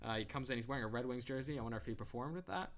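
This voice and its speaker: A man's voice: medium pitch, racing. A young man with a mid-range voice talks casually on a podcast. He recaps a show from his notes with dry, sarcastic asides. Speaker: podcast co-host.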